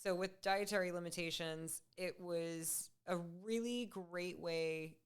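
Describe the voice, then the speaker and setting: A woman guest in a casual podcast conversation, chatty and quick to laugh. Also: on the low side, steady tone, clear, resonant tone.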